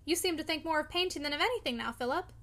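A woman's voice: high-pitched, racing, fairly bright tone. A woman reading as a tremulous, tender young woman. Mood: musing. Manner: musing, tremulous.

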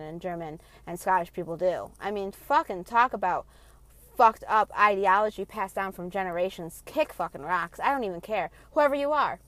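A woman's voice: mid-range voice, no room sound. Woman, late 20s, passionate profane rant, blunt, sitting in her car, dry sound. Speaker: vlogger.

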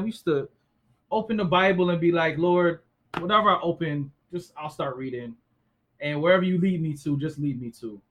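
A man in his thirties co-hosting a casual faith discussion, animated and acting out quoted voices. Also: a little high, low-quality recording. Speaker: co-host.

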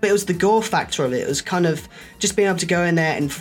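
A man telling stories in a casual chat, lively and acting out the people he quotes. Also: high-pitched, rapid-fire, faint music behind. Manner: animated storyteller, acts out quoted voices.

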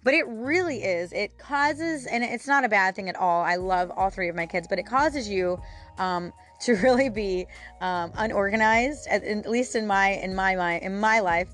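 A woman in her thirties talks through a casual solo podcast episode, chatty and candid, and she often stops on fillers and small laughs. Her voice sits at an ordinary middle pitch, and soft music plays faintly behind her. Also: normal speed. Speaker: podcast host.

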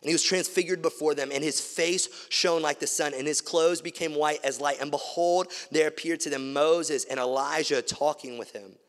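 A man preaching a sermon, swinging between loud emphasis and hushed, quiet passages. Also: fairly high pitch, steady tone, normal speed, hardly any pauses, long reverb tail. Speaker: pastor.

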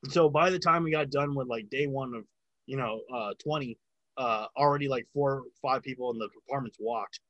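A man's voice: mid-range voice, a little fast, a bit bright, no room sound, dull audio. A man in casual chat, telling a long story about working sound on a film set, with lots of filler words and swearing.

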